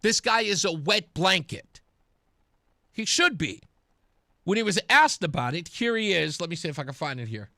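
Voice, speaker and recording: A man's voice: high-pitched, normal speed, no echo, studio quality. A man hosting a talk radio show, delivering an opinionated, mocking monologue with frequent laughter. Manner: mocking, animated, laughs often.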